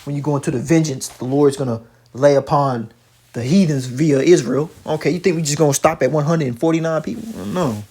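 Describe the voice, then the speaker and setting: Reacting to a video he's watching, a religious commentator preaches emphatically and repetitively, swearing a lot and often stammering through restarts before reaching his point. His voice is somewhat high, husky, dark-toned, and a little fast.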